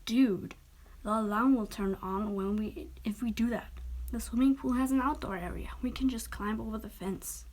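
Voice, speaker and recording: A woman's voice: on the high side, moderate pace, a little mellow, natural voice. Woman plays a shy, hesitant teen boy; tender whispered role-play. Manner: hesitant, stammering. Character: sensitive teenage boy, emotional and hesitant.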